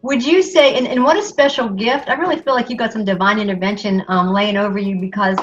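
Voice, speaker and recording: A woman's voice: medium pitch, fairly even intonation, fast talker, lo-fi sound, soft background music. A woman hosting a talk show, interviewing a guest with encouraging, repeated praise.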